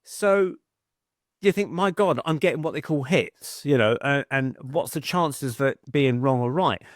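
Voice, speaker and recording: Man, middle-aged, podcast guest, anecdotal storytelling, medium pitch, dry mic. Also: a little slow, dry recording. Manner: chatty anecdotal, acts out quoted voices. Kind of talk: casual storytelling.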